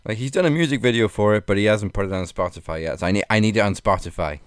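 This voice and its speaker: A man hosting a podcast, steering the chat in a low-key way. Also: very fast, clean tone. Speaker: podcast host. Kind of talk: casual chat.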